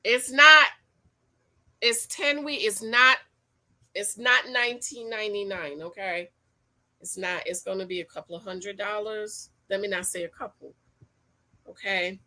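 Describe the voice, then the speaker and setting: Bright-voiced woman hosting a chatty livestream. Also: medium pitch, normal speed. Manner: animated, repeats phrases, uses slang. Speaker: livestream host and dating coach. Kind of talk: casual livestream chat reading comments.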